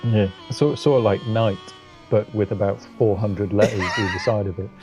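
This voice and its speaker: A man's voice: fairly low pitch, normal speed, poor audio. A man co-hosting a live sim-racing stream, making dry remarks in casual banter. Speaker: race commentator. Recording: music playing behind.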